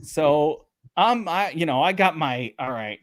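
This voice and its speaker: Animated New man, high and lively. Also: measured pace, no room sound, studio quality. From Brooklyn, New York. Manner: animated, profane storyteller. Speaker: sports betting podcast co-host. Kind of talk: casual chat.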